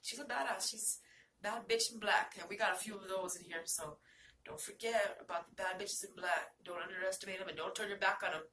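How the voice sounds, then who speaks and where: A young woman from New Mexico rambles excitedly and profanely about her favorite movie heroines. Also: medium pitch, brisk, a little hiss or hum. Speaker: vlogger. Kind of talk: casual movie-list chat. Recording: roomy, from a distance.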